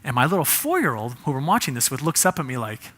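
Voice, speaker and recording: A man's voice: mid-range voice, sing-song, quick pace, a bit bright, slightly rough. A man giving a humorous presentation, quizzing the audience with shows of hands.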